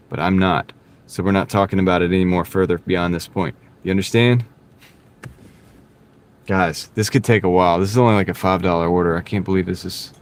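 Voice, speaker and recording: A man chatting casually with viewers while he drives for a delivery app, joking between orders, on a clip-on mic inside a car. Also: deep voice. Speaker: delivery driver streaming live. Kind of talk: casual live-stream chat while driving. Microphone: wireless clip-on mic.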